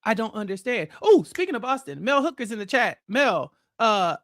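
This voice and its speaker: A man's voice: high-pitched, sing-song, moderate pace, fairly bright tone, no room sound, studio quality. A man hosting a podcast, talking casually about politics in a blunt, exasperated rant. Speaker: podcast host.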